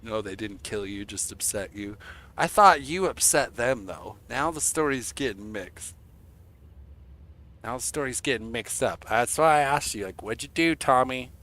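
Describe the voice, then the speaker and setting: A young man streaming to his chat, telling a rambling, profane story in a casual, animated way. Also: medium pitch, a little slow.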